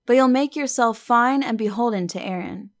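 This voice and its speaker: A woman voicing a gentle, grave aging male weaver with mild, fatherly rustic speech in an audiobook reading. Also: fairly high pitch, moderate pace, voice pushed up, close to an everyday voice. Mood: fond, grave.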